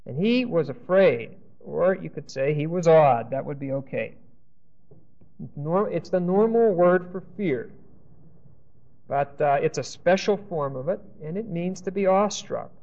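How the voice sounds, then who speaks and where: A man's voice: fairly high pitch, lively intonation, unhurried. Man lecturing on scripture, lo-fi recording. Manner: checks in with frequent "Okay?"; thinking aloud with restarts. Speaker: Bible teacher. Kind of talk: classroom Bible lecture. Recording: dull lo-fi recording.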